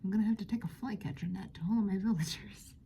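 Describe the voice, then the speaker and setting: Mellow whispering woman, giggly whispered role-play. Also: medium pitch, fast talker, creaky, a little hiss or hum. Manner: soft whispering, giggly, rambling chatter. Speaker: friend hosting a visit in role-play.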